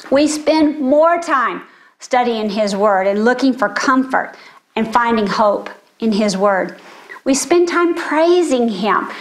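An older woman with grandchildren, giving a sermon in an earnest storytelling way. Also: a little high. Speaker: speaker.

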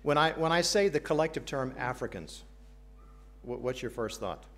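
A man's voice: medium pitch, expressive, normal speed, fairly bright tone. An American man preaches a sermon in an earnest tone. He puts questions to the congregation and drops in light jokes between his points. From United States. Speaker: pastor.

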